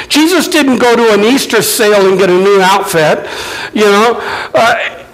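A man preaching a sermon, animated and acting out quoted lines in shifting voices. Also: high voice, poor audio. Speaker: pastor.

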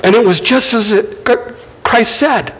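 A man preaching a sermon, animated and acting out quoted lines in shifting voices. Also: high voice, a little slow, a little hiss or hum, rough recording. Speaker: pastor.

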